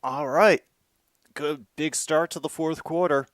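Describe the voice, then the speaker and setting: A man hosting casual live commentary on a football game, moving from dry asides to excited outbursts. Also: a little high, a little slow, dry recording.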